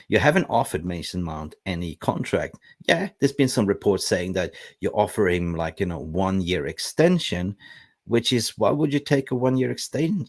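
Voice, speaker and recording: Blunt low-voiced man hosting a stream. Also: no room sound, clean studio sound. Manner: blunt, animated, talks to viewers. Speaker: football channel host. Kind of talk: casual livestream chat.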